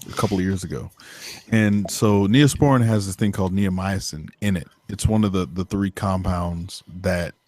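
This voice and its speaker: A man's voice: sits low, steady tone, moderate pace, a little mellow, dry recording. A man telling a long story on a podcast in a casual, rambling way, swearing often and filling gaps with "like" and "um". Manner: rambling, profane, filler-heavy. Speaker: podcast co-host.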